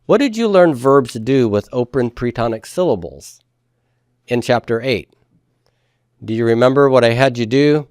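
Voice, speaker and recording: A man teaching a grammar lesson at an average pitch, recorded close and dry with no room sound. He explains step by step with patience and keeps having the class repeat forms back to him. He drops in folksy comparisons along the way. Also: expressive, moderate pace, darkish tone, no room sound. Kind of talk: classroom lecture.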